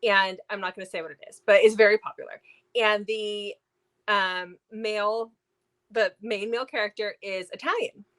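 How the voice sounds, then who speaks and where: A woman's voice: medium pitch, fairly even intonation, normal speed, a bit bright. A woman co-hosting a book review show, chatting casually and animatedly with lots of fillers. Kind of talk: casual chat.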